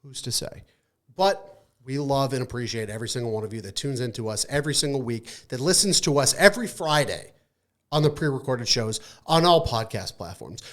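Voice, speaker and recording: A man hosting a casual gaming podcast, signing off with loud, profane, mock-angry hype. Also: mid-range voice. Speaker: podcast host.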